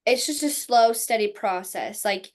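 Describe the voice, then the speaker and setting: Higher-voiced woman in a video-call book club, reflective and candid. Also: lively intonation, a little slow. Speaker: book study participant. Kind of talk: casual group discussion.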